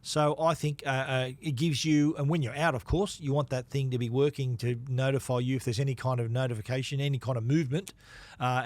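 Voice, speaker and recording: A man co-hosting a tech podcast, talking casually with restarts and quick "yep" replies. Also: medium pitch, dry recording. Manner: chatty, loose with restarts and "yep" fillers. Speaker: podcast co-host. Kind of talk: casual tech chat and read ad.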